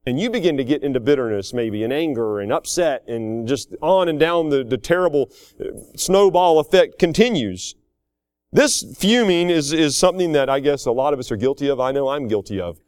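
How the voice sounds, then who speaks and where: Folksy preacher, dry close sound. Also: male voice, on the high side, no room sound. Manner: folksy, animated preaching with chuckles and acted-out quotes. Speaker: pastor. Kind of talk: sermon.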